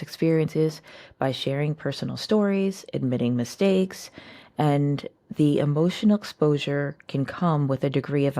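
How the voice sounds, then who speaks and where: A woman with a strikingly deep voice talks to her viewers in a chatty, reflective way. Her tone is mellow and warm, and the recording is close and dry with no room sound. She keeps asking her audience rhetorical questions. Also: no echo. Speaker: host. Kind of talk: casual personal talk to camera.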